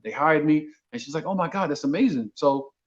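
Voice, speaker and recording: The speaker is a comedian guest from Brooklyn, New York, animatedly acting out dialogue as he casually tells a story. He's on the high side and a little fast, and the recording's high frequencies are cut off.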